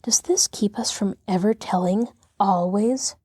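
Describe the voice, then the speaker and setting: A woman voicing a ragged, superstitious village boy who speaks in an anxious, rough country drawl. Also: fairly high pitch, steady tone, normal speed, a little mellow, no echo, studio quality, voice pushed up, natural voice. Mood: scared whisper.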